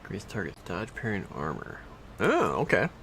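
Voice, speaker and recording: A man's voice: low voice, huge pitch swings, moderate pace, vocal fry, a bit bright, slight background noise. A man streaming a video game, chatting casually with viewers, reading out loot and skill text and teasing his chat. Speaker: livestreamer. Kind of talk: casual gameplay commentary.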